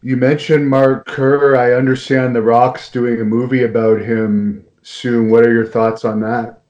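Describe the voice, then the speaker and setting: A man interviewing a guest, asking questions in an even, measured way. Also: mid-range voice. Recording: dull lo-fi sound.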